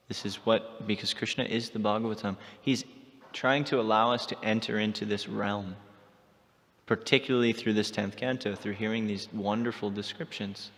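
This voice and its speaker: Man giving a scripture class in an echoing hall. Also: fairly low pitch. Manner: animated storytelling. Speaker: class speaker. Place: temple hall.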